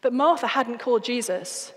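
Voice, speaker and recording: A British woman giving an evangelistic talk, telling stories in an earnest, expressive way. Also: on the high side, moderate pace. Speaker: guest speaker. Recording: reverberant hall.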